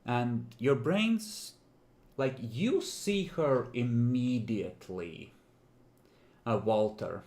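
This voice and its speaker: Guy running a tabletop game, slow laid back narration, echoey room. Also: medium pitch, animated, a little mellow. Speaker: game master.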